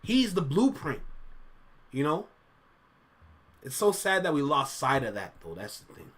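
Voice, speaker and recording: A man's voice: a little high, big pitch swings, a little slow, fairly bright tone, slightly rough. A Canadian man hosting a casual reaction video, chatty and upbeat, laughing often. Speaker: host reacting to a livestream.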